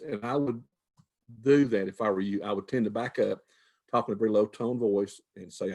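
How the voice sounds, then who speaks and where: This older man is a retired wildlife manager who answers questions in a folksy, conversational style, repeating words and restarting phrases often. His husky voice is lowish and darkish, and he talks fairly quickly.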